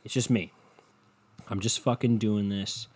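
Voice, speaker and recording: A young man hosting a rambling solo podcast from home, swearing a lot and mocking himself, dropping from low mutters into loud bursts. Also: steady tone, a little slow, breathy edge. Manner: profane, self-mocking, drifting between muttering and loud bursts. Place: home, no studio. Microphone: home podcast microphone.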